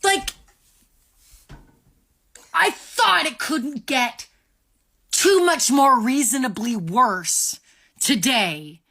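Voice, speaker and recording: A woman's voice: sits high, expressive, fairly bright tone. A woman lecturing her viewers in a scolding, profane social media rant. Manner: scolding, profane, slow and deliberate. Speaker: vlogger.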